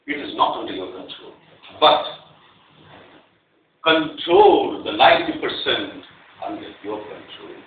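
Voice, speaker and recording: A man giving a prepared club speech, telling a story and acting out the outbursts in it. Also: mid-range voice. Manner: animated, acts out quoted outbursts. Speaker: club speaker. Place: meeting room. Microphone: clip-on mic, distant recorder. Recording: very echoey, far off, phone-like and tinny, faint hiss.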